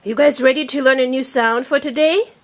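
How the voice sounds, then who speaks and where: A woman with a high voice gives a reading lesson at home. She is patient and coaxing, and she stretches each letter sound slowly so a small child can copy it. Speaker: parent teaching her child to read.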